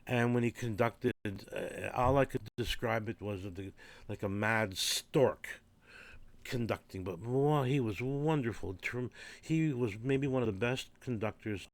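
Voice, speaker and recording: A man's voice: mid-range voice, moderate pace. An older man, a former orchestra percussionist, tells stories casually in a rambling, digressive way with wry humour. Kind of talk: casual anecdotal storytelling.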